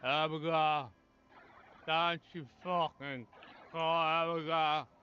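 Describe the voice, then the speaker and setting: A slurring drunk Brummie. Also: male voice, fairly high pitch, steady tone, takes it slowly, lo-fi sound, slight background noise. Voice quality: slurred, mumbling.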